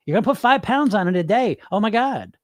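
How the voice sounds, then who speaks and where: A middle-aged man coaches dieters on his podcast in a blunt, profane, casual way, his voice sitting fairly high and swinging widely in pitch. He often slips into a panicky imitation of a dieter before snapping back to plain talk. The sound is dry and close. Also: very animated, fast talker, no room sound. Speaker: podcast host and weight loss coach.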